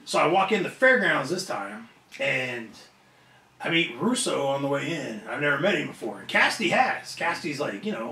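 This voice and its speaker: Man guest telling a rowdy story, gravelly, off-mic in an echoey room. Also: fairly high pitch, normal speed, a little hiss or hum. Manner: animated, profane, acts out other people's voices. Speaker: wrestler interview guest. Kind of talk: casual storytelling. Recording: roomy echo, somewhat off-mic.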